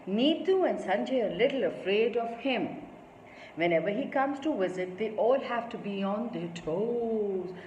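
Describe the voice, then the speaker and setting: A woman reading a story aloud to children, adding her own asides as she goes. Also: mid-range voice. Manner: warm, explanatory asides to children. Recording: echoey room with faint noise.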